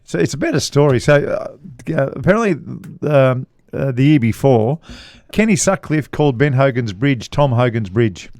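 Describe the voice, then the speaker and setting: A man's voice: mid-range voice, big pitch swings, normal speed, hardly any pauses, darkish tone, dry recording. A middle-aged man with an Australian accent, a podcast co-host and golf commentator telling a long rambling anecdote with frequent chuckles. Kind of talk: casual storytelling chat.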